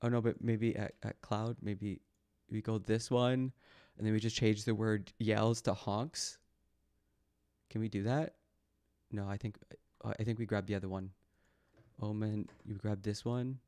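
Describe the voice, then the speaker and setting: A man's voice: lowish voice, fairly even intonation, measured pace, pauses often, darkish tone, clear, resonant tone. Sarcastic male streamer mocking the news. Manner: sarcastic and mocking, talks back to a chat; reads posts aloud, then mocks them. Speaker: live streamer reacting to news posts. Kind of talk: casual live-stream commentary.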